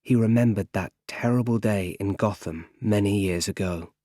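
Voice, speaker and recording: A man narrating an audiobook in slow, plain storytelling. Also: lowish voice, mellow, no echo, studio quality.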